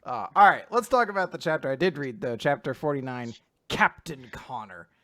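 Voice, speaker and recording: A man hosting a casual podcast chat recapping manga, animated, laughing and swearing as he goes. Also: mid-range voice, moderate pace. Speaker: podcast host.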